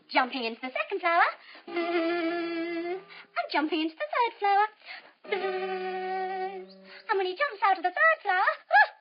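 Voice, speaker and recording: A young woman leads a children's yoga story with a high, lively voice that leaps up and down as she encourages her listeners. She sounds playful and warm-hearted in her delivery, and the recording is a little dull and lo-fi. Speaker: kids yoga instructor and storyteller.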